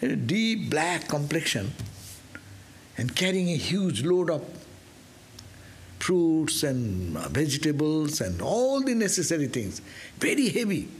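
Male monk storyteller for a scripture class, lively pitch, unhurried delivery. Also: slight background noise. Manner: animated storyteller, acts out voices, asks "no?". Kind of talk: sermon storytelling.

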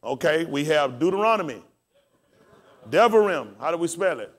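A man's voice: fairly high pitch, big pitch swings, moderate pace. A man pastor preaching and teaching scripture, calling out questions to his congregation and spelling words aloud.

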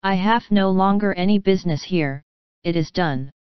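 A woman voicing a kindly older German professor who speaks in halting, formal, earnest phrases. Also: medium pitch, smooth, no echo, muffled recording, close to an everyday voice.

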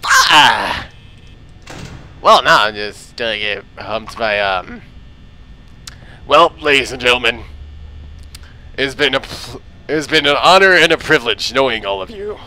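A man's voice: medium pitch, lively intonation, normal speed, long pauses, sharp tone, slight background noise, poor audio. A man hosting a gaming video, joking and rambling crudely as he plays. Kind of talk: let's play commentary.

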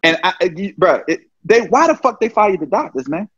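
A man from New Orleans, a pro football player, telling stories in a casual interview, profane and animated, acting out quoted exchanges. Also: sits high, brisk, breathy edge, no echo. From New Orleans, USA. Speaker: guest, pro football cornerback. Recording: dry, dull lo-fi sound.

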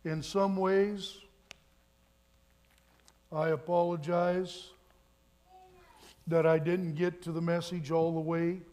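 A man's voice: on the high side, level tone, slow pace, long pauses, warm tone. A man in his twenties preaching a sermon in a church, telling a personal story earnestly and building to emphatic appeals. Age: 20s. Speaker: pastor. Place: church sanctuary.

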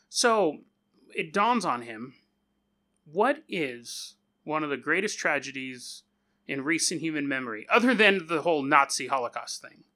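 Man, podcast host, casual storytelling, sharp tense tone, slightly high voice. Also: expressive, normal speed. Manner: chatty and joking, with offhand asides and self-corrections.

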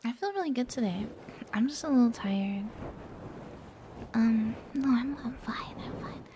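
A young woman ASMR streamer who chats in soft whispers, drifting down into a lower morning voice that is a little congested. She speaks slowly and sits a touch high for a woman, with a steady hiss of noise behind her on a close mic. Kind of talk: casual ASMR stream chat, often whispered.

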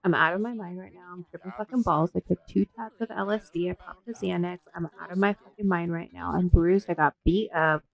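A woman voicing a frazzled young woman who is high and begging, rambling and crude. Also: fairly even intonation, a little fast, vocal fry, few pauses. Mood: pleading.

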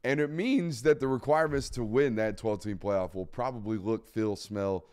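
Man, sports talk host, low voice, emphatic, blunt, repeats himself for stress. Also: normal speed, darkish tone, clean tone. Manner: blunt, casual swearing. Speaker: podcast host. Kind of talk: live sports talk show.

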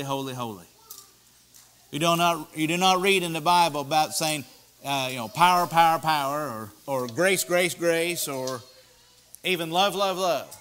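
Bright-voiced man preaching a sermon. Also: fairly high pitch. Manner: earnest, repeats key words, asks the audience questions. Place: church.

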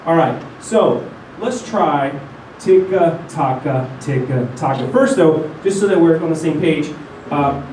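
A man's voice: a little high, mellow, a little hiss or hum. Man teaching in a roomy, distant sound. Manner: coaching, has the class repeat after him. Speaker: didgeridoo teacher. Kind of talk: instructional lesson.

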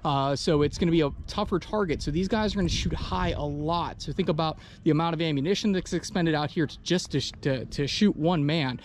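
A man explaining history in a measured, matter-of-fact way during an outdoor walking tour on a hillside, recorded on a body-worn action camera. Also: a little high, a little hiss or hum. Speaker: battlefield tour guide.

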